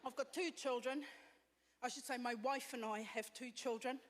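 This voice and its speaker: On a comedy stage in front of an audience, a woman from South Africa speaks in a South African accent at normal speed, her pitch fairly high and her intonation fairly even. Her stand-up is blunt and self-deprecating, and long reverb and faint room noise fill the live venue.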